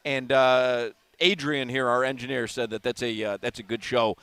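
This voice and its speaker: A man's voice: mid-range voice, fairly even intonation, moderate pace, fairly bright tone, clean tone, no echo. A man hosting a live talk radio show, chatting in a rambling, self-amused way from a remote broadcast. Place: bar or restaurant remote broadcast.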